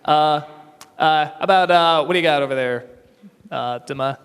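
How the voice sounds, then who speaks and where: A man chatting casually with a convention audience, talking quickly with lots of fillers and laughs. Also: fairly high pitch, fairly bright tone. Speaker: convention panel guest, film reviewer. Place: convention hall. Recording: reverberant hall, PA mic.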